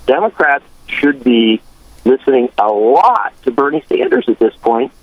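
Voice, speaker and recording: A man's voice: mid-range voice, big pitch swings, unhurried, dry recording, dull audio. Earnest male political correspondent. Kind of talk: political analysis.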